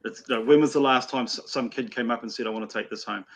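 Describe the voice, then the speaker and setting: A man's voice: mid-range voice, fast talker. A man, a comic store owner talking as a guest in a casual, matter-of-fact way. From New Zealand. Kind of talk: casual chat.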